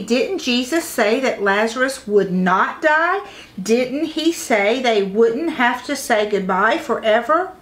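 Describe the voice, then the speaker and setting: A woman reading a picture book aloud to children, expressive, with dramatic pauses. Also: a little high. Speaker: children's storyteller.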